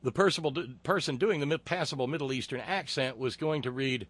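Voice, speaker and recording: A man hosting a political talk show, reading listener comments with sardonic, profane mockery and many halting filler words. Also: mid-range voice, a bit bright, breathy edge, no room sound.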